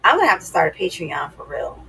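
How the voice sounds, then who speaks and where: A woman's voice: lowish voice, very animated, quick pace, pushed and bright, slight background noise, rough recording. A woman giving dating advice to her viewers in a sassy, emphatic, casual way. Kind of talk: casual advice talk to camera.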